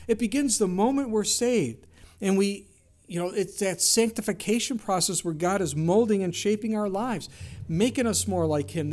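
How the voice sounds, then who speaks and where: Preaching with a fairly high, slightly mellow voice, a man delivers a sermon built around an earnest illustrative story. Along the way he quotes scripture and asks rhetorical questions.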